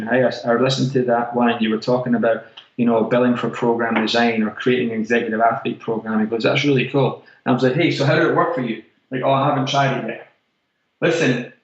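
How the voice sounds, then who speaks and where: A Scottish man and regular segment host giving an emphatic motivational monologue about fitness business, repeating key phrases for punch. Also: medium pitch. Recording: very echoey, distant, dull-sounding room.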